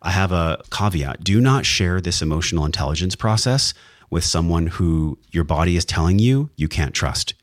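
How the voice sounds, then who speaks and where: Deep-voiced man, earnest podcast host. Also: lively intonation, moderate pace, dry recording. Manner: earnest, heartfelt, emphatic with occasional swearing. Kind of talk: motivational wellness podcast monologue.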